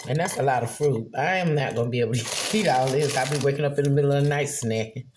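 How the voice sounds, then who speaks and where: A woman's voice: extremely low pitch, fast talker, background noise. A woman, chatting casually to viewers while she cooks in her home kitchen. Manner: chatty, addresses viewers as y'all. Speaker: cooking vlogger. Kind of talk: casual cooking vlog.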